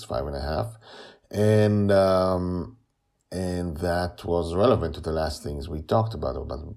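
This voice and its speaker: A man's voice: very deep voice, vocal fry, mellow. A man hosting his own story podcast, chatting casually and nasally while he recovers from a cold. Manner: chatty, with fillers.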